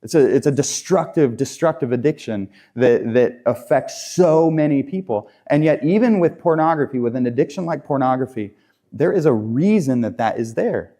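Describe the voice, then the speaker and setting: A man's voice: medium pitch, lively intonation, moderate pace, mellow. A man preaching a sermon in a conversational way, often repeating and restarting his phrases. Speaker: pastor.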